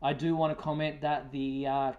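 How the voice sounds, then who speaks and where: A man's voice: a little high, flat delivery, normal speed, phone-quality sound. A man with a New Zealand accent hosting a live fan chat show, talking casually with plenty of fillers and restarts. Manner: talkative, lots of fillers and restarts. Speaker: podcast host.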